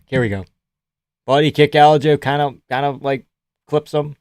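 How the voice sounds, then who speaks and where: A man's voice: a little high, steady tone, moderate pace, pauses often, darkish tone, clear, resonant tone, dry recording. A man casually commenting live on a fight night, swearing and laughing a lot. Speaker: live streamer. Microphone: headphones on, close mic.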